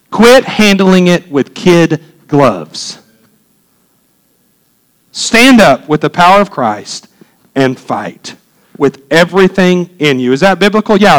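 A man delivers a sermon built around a personal story. His voice sits high for a man, and he talks in an animated, emphatic way that swells on the dramatic beats. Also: rough recording. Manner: animated, emphatic, exclaims sound effects. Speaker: pastor.

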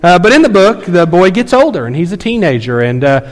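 A pastor in his thirties preaches a sermon in a church sanctuary, telling a family story conversationally with lots of fillers. His high voice is very animated and a bit fast, and the recording carries long hall reverb.

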